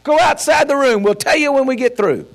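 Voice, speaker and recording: A man's voice: very high voice, a little fast, vocal fry. A man preaching a sermon as pastor, fiery and folksy, with joking asides. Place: church.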